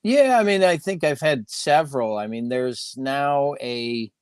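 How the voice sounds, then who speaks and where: Male guest, modest and easygoing, smooth voice, dry close mic. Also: mid-range voice, expressive, unhurried, a little mellow, dry recording. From Chicago area. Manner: modest, easygoing, hesitant with fillers. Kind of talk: casual interview chat.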